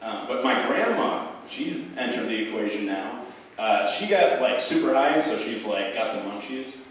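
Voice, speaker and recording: A young man, his voice mid-range with lively intonation and a normal pace, tells a rambling, profane stand-up story full of fillers at a bar open mic. He's a stand-up comic, picked up from far off in an echoey bar room with slight background noise.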